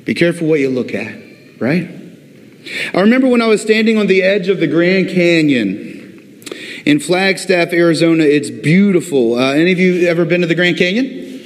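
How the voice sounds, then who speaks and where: A male pastor preaching a sermon, telling a story with animated delivery and speaking directly to his congregation. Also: sits high, normal speed, soft background music. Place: church before a congregation. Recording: long echo of a large hall.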